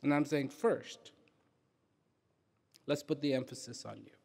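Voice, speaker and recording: A man giving a slow, reflective inspirational talk, repeating key phrases for emphasis and letting phrases trail off softly. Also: vocal fry, breathy edge, big-room sound. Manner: drops to soft, trailing low phrases. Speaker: speaker.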